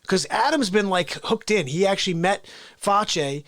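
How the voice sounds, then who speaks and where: A man's voice: moderate pace, a bit bright. A man hosting a live show, telling an improvised comic story in a rambling, playful way. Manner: rambling, playful, with sudden jumps in pitch. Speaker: host.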